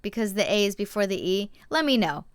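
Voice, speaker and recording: A woman's voice: medium pitch, animated, brisk, clear, resonant tone, no room sound, clean studio sound. A young woman hosting a casual live-stream show from a cluttered room at home, rambling and chatty with lots of fillers and restarts.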